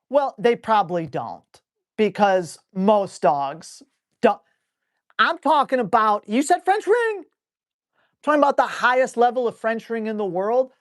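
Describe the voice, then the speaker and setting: A man who trains dogs, answering viewer questions on a live stream in a blunt, excitable, salty way, breaking into quick acted asides. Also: high-pitched.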